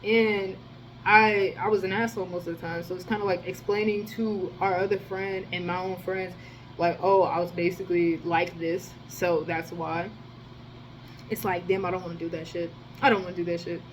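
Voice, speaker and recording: A woman telling a rambling personal story in a casual, profane monologue, with sudden jumps in loudness. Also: medium pitch, flat delivery, fairly quick, a little hiss or hum, rough recording. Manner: rambling, slangy and profane, with many restarts. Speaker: storyteller vlogger.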